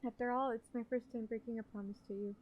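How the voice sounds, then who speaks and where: A woman's voice: on the high side, steady tone, fast, muffled recording, a little hiss or hum. A woman streaming a game, reacting emotionally and fighting back tears. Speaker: streamer reading game dialogue aloud. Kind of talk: casual let's-play reactions. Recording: game music playing under voice. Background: game soundtrack music.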